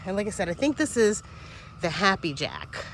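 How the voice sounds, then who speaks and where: A woman's voice: medium pitch, wildly swooping pitch, moderate pace, fairly bright tone, slight background noise. A woman giving a casual tour of her vegetable garden outdoors, chatty and easily distracted, sniffling a little as she talks.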